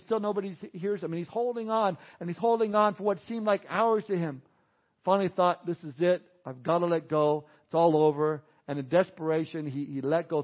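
High-voiced preaching man, lo-fi audio. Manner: lively storytelling preacher, dips quiet for emphasis. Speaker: pastor. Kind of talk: Easter sermon. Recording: dull lo-fi audio.

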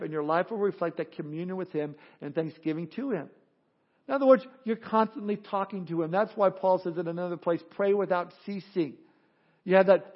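Male pastor, high-pitched, emphatic sermon delivery, muffled lo-fi audio. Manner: earnest, emphatic, repeats words in restarts.

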